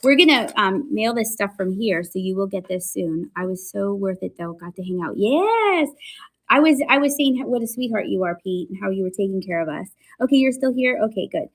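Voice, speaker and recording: A woman hosting a casual live-stream sale, chatting excitedly about her finds and laughing often. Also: mid-range voice, fairly quick. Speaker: live online seller showing thrift finds.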